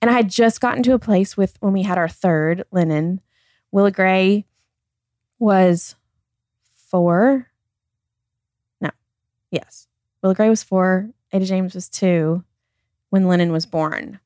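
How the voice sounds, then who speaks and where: A woman's voice: mid-range voice, slow pace, pauses often, a little mellow, no echo, studio quality. A woman in her thirties who talks earnestly in a candid personal conversation as a podcast guest, often saying "like" and "I feel like.".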